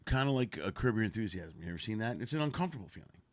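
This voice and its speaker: A man's voice: lowish voice, very fast. A man hosting a casual comedy stream, telling stories and acting out bits. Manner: animated storyteller, acts out bits. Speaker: comedy show host. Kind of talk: casual live-stream chat.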